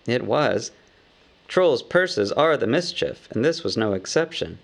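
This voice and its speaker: A man narrating a storybook aloud in a measured, wry manner. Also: mid-range voice, lively intonation, vocal fry. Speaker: audiobook narrator.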